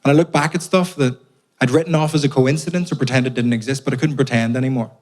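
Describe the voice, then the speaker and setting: A man's voice: mid-range voice, steady tone, fast talker. Irish man doing stand-up. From Ireland. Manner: conversational storytelling with punchy asides and swearing. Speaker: stand-up comedian. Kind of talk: stand-up comedy set. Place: theatre stage before a live audience.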